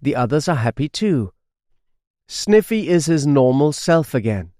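A man reading a children's storybook aloud, slow, clear and expressive. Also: on the high side, dry recording, clean studio sound. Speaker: audiobook narrator.

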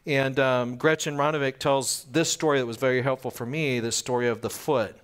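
Here the preacher has a medium-pitched voice that is clear, resonant, and fairly bright, with a steady tone. He delivers his sermon conversationally, posing questions to listeners and acting out little scenes with quick voice changes.

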